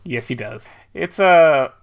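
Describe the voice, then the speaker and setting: A man's voice: medium pitch, lively intonation, slow. A man co-hosting a casual movie podcast, joking and laughing often as he talks. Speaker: podcast co-host.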